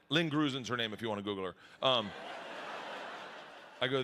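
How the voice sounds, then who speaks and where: A middle-aged man doing a crude stand-up comedy routine on stage, jumping between high and low voices as he acts out the people in his stories. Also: fairly quick, long pauses, pushed and bright, slight background noise. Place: comedy stage before a live audience.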